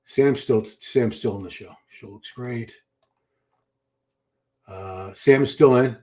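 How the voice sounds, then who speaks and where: A man's voice: mid-range voice, slow pace, mellow. A man hosting a live stream, giving chatty, enthusiastic commentary and reading viewer questions aloud. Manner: chatty, enthusiastic, restarts a lot. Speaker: livestream host.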